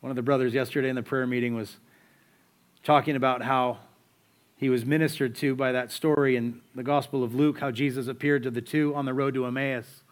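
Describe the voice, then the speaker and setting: A man's voice: medium pitch, flat delivery, fairly quick. A man preaching a sermon in a conversational, storytelling way, full of rhetorical questions to the listeners. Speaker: pastor.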